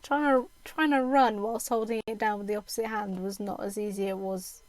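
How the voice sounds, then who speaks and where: A woman's voice: medium pitch, fairly even intonation, brisk, no room sound, low-quality recording. A young British woman with a mixed, mostly Southern English accent, chatting casually with her stream viewers, with lots of ums and restarts.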